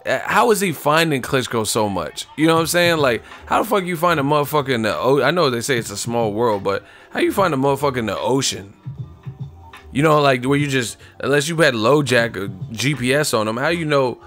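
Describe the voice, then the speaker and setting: A man's voice: mid-range voice, expressive, fairly quick, a bit bright, faint music behind. A young man hosting a boxing livestream, rambling and joking in casual, profane chat.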